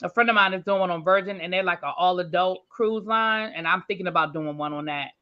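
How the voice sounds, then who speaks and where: A woman's voice: on the low side, quick pace. A woman hosting a casual livestream, greeting viewers by name in a chatty, familiar way. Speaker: livestream host. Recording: slightly dull lo-fi stream audio.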